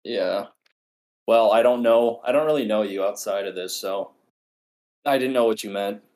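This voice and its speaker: Joking low-voiced podcast co-host. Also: male voice, moderate pace, darkish tone. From Australia. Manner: joking, teasing, laughs often. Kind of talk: casual crude podcast banter.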